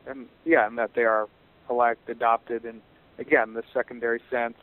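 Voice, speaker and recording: A man asking theological questions, hesitant and halting with many restarts. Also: mid-range voice, little pitch movement. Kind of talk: theological discussion. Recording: tinny phone line.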